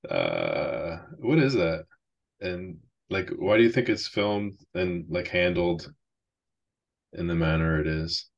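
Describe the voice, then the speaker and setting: Host, male, low voice, hesitant questions, muffled lo-fi mic. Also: sing-song, slow, gravelly. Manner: hesitant, many fillers. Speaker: interviewer, host. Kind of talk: casual conversation.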